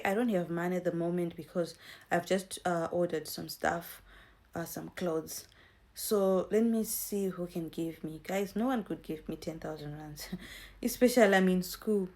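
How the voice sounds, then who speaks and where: A woman's voice: lowish voice, a little mellow. Young woman telling a storytime chat. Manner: chatty, addresses viewers as guys, acts out quotes. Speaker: vlogger. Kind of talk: storytime vlog.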